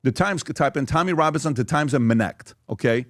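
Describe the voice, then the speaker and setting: Expressive and a little fast, a podcast host with a medium-pitched voice works through social media posts and questions emphatically, asking "okay?" often. The audio is studio quality with no room sound.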